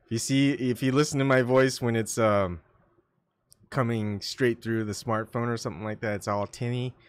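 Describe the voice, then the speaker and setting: A man hosting a solo livestream, muttering his thoughts and asides to himself, often coughing and clearing his throat, on a desktop microphone at home. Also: medium pitch, steady tone, moderate pace. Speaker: livestream host. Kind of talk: rambling solo livestream chat.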